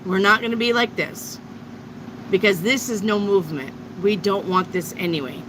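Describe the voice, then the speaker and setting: A woman's voice: medium pitch, normal speed, background noise. A woman giving a live tarot reading to viewers, blunt and emphatic, with frequent swearing. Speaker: tarot reader.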